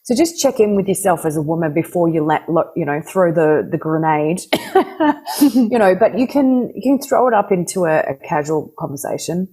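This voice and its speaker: A woman relationship coach talking in a podcast conversation, animated, laughing often and acting out quoted dialogue. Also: lowish voice, moderate pace, slightly rough, low-quality recording.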